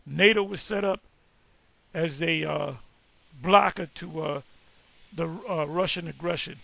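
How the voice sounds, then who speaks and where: Brief: man with a bright, tense, raspy-edged voice, teaching casually and emphatically with restarts. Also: on the high side. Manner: emphatic, halting, with many restarts. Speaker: online teacher. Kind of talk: casual lecture reacting to search results.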